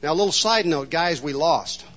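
A man with a high voice preaches a sermon to his congregation in a church. He wonders aloud and asks the room questions. The recording is dull and lo-fi. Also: expressive, moderate pace, a bit bright. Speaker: pastor.

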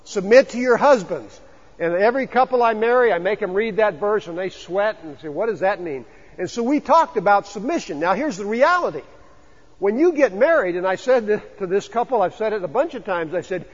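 A man's voice: sits high, husky. A man preaching a conversational sermon to his congregation, often asking them questions. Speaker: pastor. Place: church sanctuary. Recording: dull lo-fi sound with long church reverb.

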